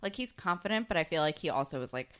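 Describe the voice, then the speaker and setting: A woman co-hosting a podcast, casually discussing TV characters and thinking out loud about their motives. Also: low voice, expressive, fast talker. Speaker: podcast co-host. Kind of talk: casual recap chat.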